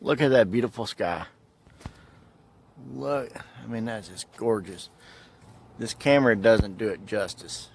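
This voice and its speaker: A man's voice: fairly low pitch, unhurried, pauses often. A man vlogging from his car, ranting and swearing freely in a casual way. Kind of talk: casual vlog while driving. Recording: car noise behind the voice.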